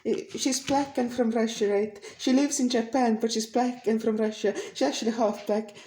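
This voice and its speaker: A woman's voice: on the high side, steady tone, moderate pace, warm tone, slight background noise, poor audio. A young woman vlogging from home, rambling in a crude, repetitive way and swearing often. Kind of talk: rambling solo vlog.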